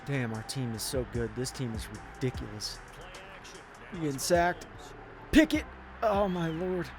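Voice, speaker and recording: A young man commentating a football video game in a hyped, rambling way, yelling at big plays. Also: mid-range voice, measured pace, over music. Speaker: gaming channel host.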